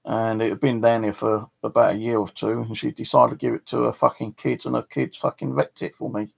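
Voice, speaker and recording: A man's voice: fairly low pitch, level tone, a little fast, gravelly, husky. A middle-aged man with a southeast English accent, rambling and swearing freely as he tells stories to his channel. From southeast England. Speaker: channel host. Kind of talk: casual storytelling to camera.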